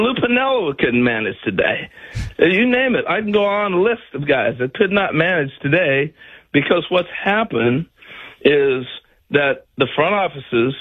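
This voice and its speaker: An older man with a husky, slightly high voice tells his stories with a lot of rise and fall, slipping into the voices of the people he quotes and laughing between lines. The recording sounds a little dull, like a radio studio feed. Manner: animated storyteller, acts out other people's lines, laughs often. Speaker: former major league player, guest. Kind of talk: casual storytelling on a radio talk show.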